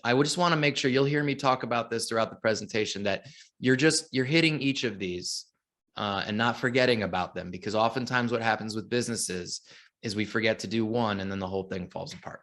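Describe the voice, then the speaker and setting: Bright-voiced upbeat male presenter. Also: on the low side, a little fast. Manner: upbeat, chatty, asks listeners questions. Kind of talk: lively webinar teaching.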